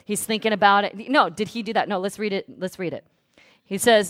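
A woman pastor preaching a sermon. She swings from hushed asides to loud, fervent declarations. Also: medium pitch, a little fast, no echo. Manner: speaks in tongues at full volume.

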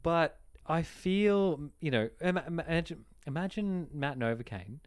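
A man's voice: fairly high pitch, expressive, a little slow, smooth. A young man, co-hosting a casual chat in a teasing, wry way. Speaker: podcast co-host.

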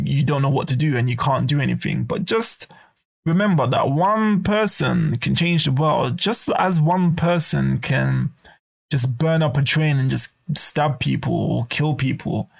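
A man talking in a casual, swearing rant, animated and acting out quoted voices. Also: mid-range voice, unhurried, vocal fry. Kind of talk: casual monologue to camera.

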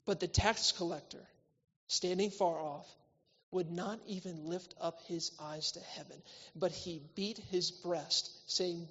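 A man preaching a church sermon, swinging between loud, emphatic lines and quiet, intimate ones. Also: high-pitched, steady tone, slow pace, breathy edge. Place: church hall. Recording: reverberant hall, slightly dull sound.

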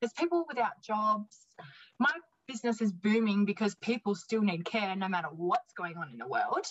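Woman, young, casual storytelling, chatty and animated, middle-pitched, slightly muffled lo-fi sound. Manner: animated, fast, full of "like" and quoted dialogue. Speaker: guest telling a story. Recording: slightly dull lo-fi recording.

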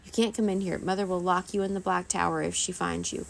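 A woman's voice: fairly low pitch, steady tone, fast, vocal fry. A woman voicing a timid young boy vampire in a children's storybook, nervous and prone to babbling. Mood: whispering.

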